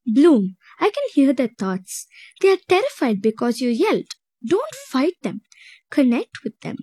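A woman's voice: high voice, huge pitch swings, unhurried, warm tone, husky, dry recording, studio quality, full character voice. A woman voicing Ira, an earnest young fairy girl urging her friend in a storybook. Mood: urgent. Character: calm young fairy girl who hears thoughts.

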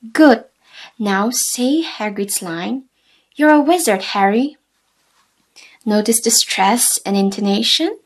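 A woman teaches English in a slow, careful lesson voice, lifting her pitch a little above the usual. She leans on each word as she works through her lists and examples. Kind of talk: classroom lesson.

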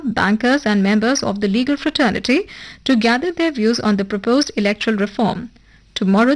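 A woman reading a formal radio news bulletin in a measured, even broadcast delivery. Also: on the high side, low-quality recording. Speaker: newsreader. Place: radio studio.

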